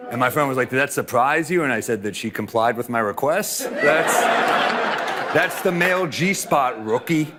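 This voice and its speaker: A man's voice: medium pitch, normal speed, a crowd in the background. A man doing a stand-up set, telling a story in a wry, playful way. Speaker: stand-up comedian.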